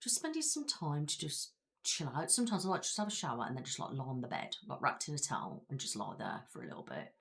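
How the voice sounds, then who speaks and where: She talks fast in a low, sing-song voice with vocal fry and a fairly bright tone, her accent clearly Belfast. As an ASMR creator from Belfast, Northern Ireland, she hosts a live stream, chatting casually with viewers and rambling with lots of fillers.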